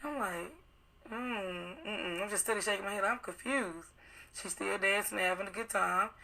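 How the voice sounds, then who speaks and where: A young woman with a gravelly, bright voice recounts a night out in loose, profane storytelling. She acts out the other people's lines as she goes. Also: medium pitch, rough recording. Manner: profane, rapid storytelling acting out quoted dialogue. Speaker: witness telling her account. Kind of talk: casual recounting on live video.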